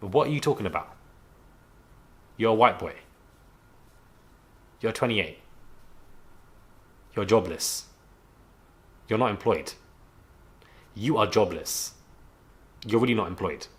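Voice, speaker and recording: A man's voice: on the low side, expressive, takes it slowly, pauses often. A young man ranting to camera at home, frank and indignant, rambling with restarts and a self-described stutter. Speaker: YouTube commentator. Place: home on a rainy day.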